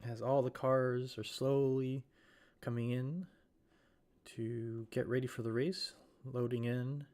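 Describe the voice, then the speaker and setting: A man on a live stream calls a sim race while still getting over a cold. He rambles casually, corrects himself often and fills his pauses with lots of "uh" and "um". His voice sits at an ordinary middle pitch. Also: steady tone, a little mellow. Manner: rambling, self-correcting, with many fillers. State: recovering from a cold. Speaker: sim racing commentator.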